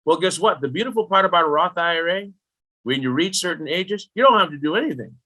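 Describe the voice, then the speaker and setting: A middle-aged man explaining retirement planning as a podcast guest, lively and full of rhetorical questions aimed at the listener. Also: a little high, fast talker. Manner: animated, rhetorical questions, talks directly to the listener.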